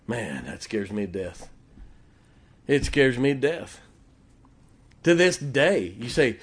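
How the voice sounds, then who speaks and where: A man's voice: mid-range voice, sing-song, a little slow, pauses often, husky. A middle-aged man, preaching a sermon in church in a folksy storytelling manner. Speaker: pastor.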